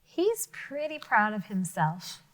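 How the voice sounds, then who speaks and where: A woman teacher reading a picture book aloud to children, expressive and full of questions to her listeners, sometimes dropping to a whisper. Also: mid-range voice, slow, low-quality recording. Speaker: elementary school teacher.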